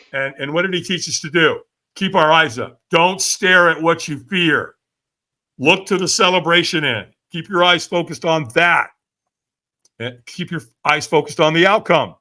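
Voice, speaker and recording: Animated, bright-voiced storyteller man. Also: a little high. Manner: vivid storyteller, frequent "right?" asides, acts out quotes. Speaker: podcast guest, firewalk instructor.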